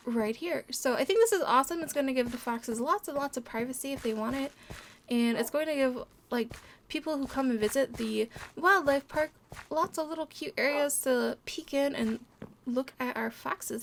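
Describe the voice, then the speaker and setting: A woman's voice: sits high, normal speed, slight background noise. A woman giving casual gameplay commentary as a let's play host, bubbly and giggly, cooing over the animals as she goes.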